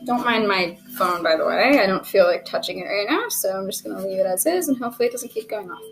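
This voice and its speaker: A woman giving a casual tarot reading, chatty and self-deprecating, who keeps clearing her throat. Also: medium pitch, lively intonation, fast, background noise. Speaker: tarot reader.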